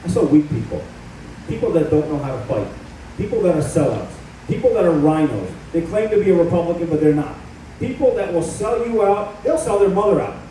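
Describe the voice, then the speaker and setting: A man's voice: fairly high pitch, animated, brisk, dark tone, a little hiss or hum. A middle-aged man giving a combative campaign speech at an event, telling stories about himself. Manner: combative, storytelling. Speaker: political candidate. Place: event hall. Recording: echoey hall from far off.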